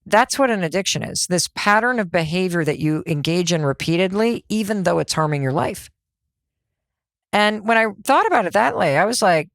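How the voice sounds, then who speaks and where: A middle-aged woman hosting a motivational podcast, talking in an energetic, conversational way and asking herself rhetorical questions. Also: medium pitch, moderate pace, dry recording, clean studio sound. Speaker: podcast host.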